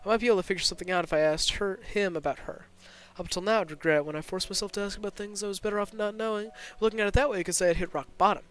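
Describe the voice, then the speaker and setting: A man narrating a story at a rapid clip, his voice slightly high. He reads tense first-person scenes as a streamer, breaking off now and then for asides. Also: steady tone, a bit bright, clear, resonant tone. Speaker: streamer reading a visual novel aloud.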